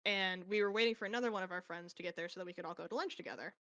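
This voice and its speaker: A young adult woman, a podcast guest, telling a story in casual chat with lively, casually profane delivery. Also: on the low side, very fast, no echo, lo-fi sound.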